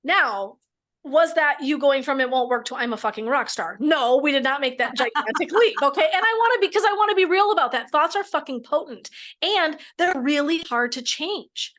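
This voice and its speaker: A middle-aged woman with a fairly high voice talks as a midlife coach. She walks listeners through a mindset exercise step by step. She is frank and casual and swears now and then for emphasis. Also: lively intonation, moderate pace, a bit bright. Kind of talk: coaching talk in a podcast.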